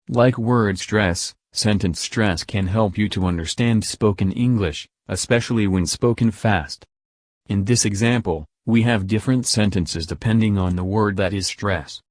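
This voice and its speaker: A man explaining English sentence stress in a recorded lesson, slowing to stress his example words. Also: fairly low pitch, dry recording, studio quality. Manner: slow, deliberate word-by-word emphasis on examples. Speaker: English teacher.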